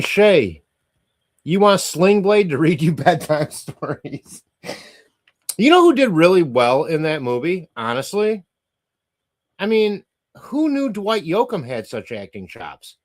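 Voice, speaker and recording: Animated, ranting male livestream host. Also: sits high. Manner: chatty, ranting, laughs often, profane. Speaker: livestream host reading chat comments. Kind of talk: casual livestream chat.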